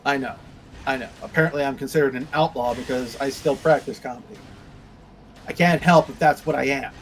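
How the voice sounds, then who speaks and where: A man's voice: medium pitch, a little fast, a little hiss or hum, low-quality recording. A man streaming a game, ranting sarcastically and crudely in casual chat. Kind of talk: casual chat while gaming.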